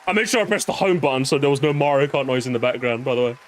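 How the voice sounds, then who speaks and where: A man's voice: mid-range voice, lively intonation, rapid-fire, a faint crowd, a little hiss or hum. A man with a British accent hosting a casual stream, playful and sarcastic, laughing often. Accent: British English. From Britain. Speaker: streamer host.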